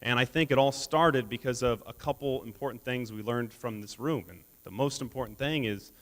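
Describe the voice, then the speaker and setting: A man's voice: mid-range voice, moderate pace, a bit bright. A man giving a motivational keynote speech, telling stories with humor and laughing at his own jokes. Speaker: keynote speaker. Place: conference hall stage. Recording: long reverb of a large hall.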